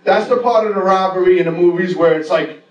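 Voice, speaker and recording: A man's voice: high voice, fast, muffled recording. A man telling a rambling, profane, self-mocking story to a live audience. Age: adult. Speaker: storyteller on stage. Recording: roomy live venue, distant mic, audience laughter. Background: audience laughter.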